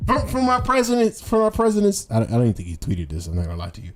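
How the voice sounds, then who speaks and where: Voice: medium pitch, huge pitch swings, racing, hardly any pauses, darkish tone, faint music behind. A political commentator doing livestream commentary on clips, talking heatedly in casual slang, repeating rhetorical questions and swearing.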